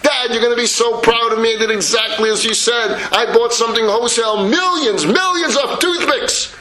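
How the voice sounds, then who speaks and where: A naive young son, earnest and pleading, eager to please his father, as a storyteller voices him. The voice sounds bright and ringing. It echoes in a roomy hall over faint noise. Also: very high-pitched, a little fast.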